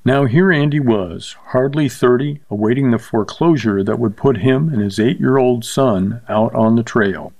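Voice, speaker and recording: A man's voice: medium pitch, normal speed, creaky, few pauses, a little mellow, no echo. Man narrating a western, dry sound. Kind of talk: scripted audiobook narration.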